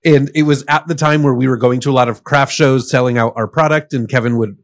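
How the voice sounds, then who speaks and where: A man's voice: mid-range voice, fairly even intonation, quick pace, no room sound, clean studio sound. A man co-hosting a podcast, telling a story casually with lots of fillers and restarts. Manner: rambling, filler-heavy storyteller. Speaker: podcast co-host.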